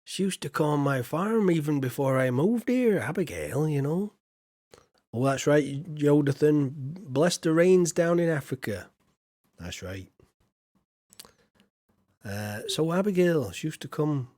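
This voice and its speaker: A man's voice: fairly high pitch, lively intonation, unhurried, long pauses, a little mellow, no room sound. A man from England, streaming a farming game and chatting casually in a rambling, self-deprecating way with lots of fillers. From Yorkshire, England. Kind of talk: casual chat while playing a game.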